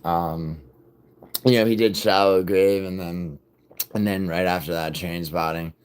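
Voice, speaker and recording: A man hosting a livestream, chatting casually and profanely with viewers, rambling and then turning loud and insistent. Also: low-pitched, fairly even intonation, measured pace, clean tone. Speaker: livestream host.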